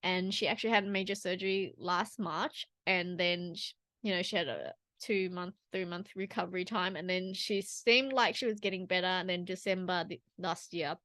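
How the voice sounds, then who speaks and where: A woman's voice: on the low side, normal speed, few pauses, sharp tone, no echo. A woman talking straight to camera in a personal vlog, earnest and rambling, with restarts and asides. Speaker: vlogger.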